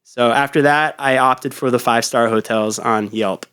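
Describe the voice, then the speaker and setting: A man's voice: medium pitch, steady tone, moderate pace, fairly bright tone, a little hiss or hum. A young adult man, a podcast host, telling a long story in casual, profane chat.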